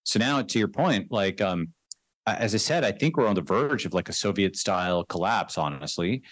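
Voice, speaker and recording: This male interview guest, an investor, speaks at a fairly low pitch with lively intonation and no room sound. He's fast and emphatic, and he keeps punctuating his points with "right?" and "okay."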